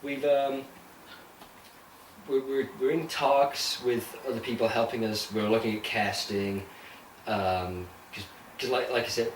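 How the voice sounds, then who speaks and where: A man's voice: medium pitch, steady tone, unhurried. A man co-hosting a podcast in a loose, rambling way, often restarting his sentences. He sits at a distance from the mic in an echoey room. A faint ambient hum runs behind him. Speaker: podcast co-host. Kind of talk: casual chat.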